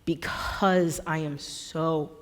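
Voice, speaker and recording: A woman giving an impassioned public talk as a guest speaker in a church, emphatic and forceful, repeating words for effect. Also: low voice, steady tone, very slow, in a large hall. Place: church hall.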